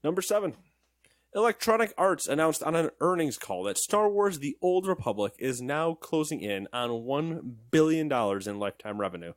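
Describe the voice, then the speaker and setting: A man's voice: on the high side, dry recording, studio quality. A man co-hosting a gaming news show, reading headlines and joking around in casual banter. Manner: joking, animated, quick asides.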